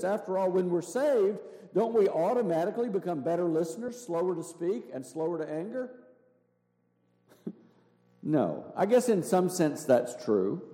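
A man's voice: fairly high pitch, mellow. A man, a pastor preaching a sermon, explaining things step by step and asking rhetorical questions. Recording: echoey hall with long reverb.

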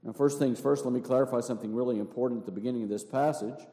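A man's voice: medium pitch, racing, mellow. A man, a pastor preaching a sermon, explaining things step by step and asking rhetorical questions. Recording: echoey hall with long reverb.

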